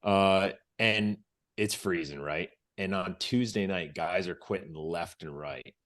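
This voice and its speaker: A man's voice: low-pitched, slow, fairly bright tone. A man from the United States, a former Navy SEAL, telling a story as a podcast guest. He talks casually, acts out what people said and restarts his phrases.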